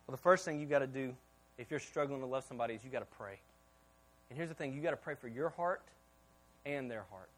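A man's voice: mid-range voice, quick pace, rough recording. A male pastor preaching a sermon, telling stories with humor and often repeating words as he starts sentences. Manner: animated storytelling with humor.

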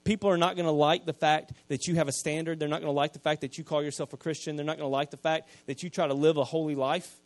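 A man, preaching a sermon, retelling scripture in casual everyday speech and swinging from quiet asides to loud emphasis. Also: fairly high pitch, level tone, fast talker, hardly any pauses, no room sound. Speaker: pastor.

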